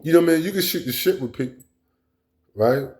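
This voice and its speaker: A man's voice: fairly high pitch, animated, normal speed, darkish tone. A man delivering a blunt, profane, rambling monologue as a vlog host. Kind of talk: casual monologue rant.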